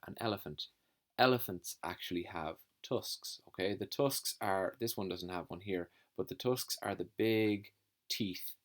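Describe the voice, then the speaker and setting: A man teaching a phonics lesson to young children, slowly sounding out letters and words. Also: deep voice. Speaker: primary school teacher.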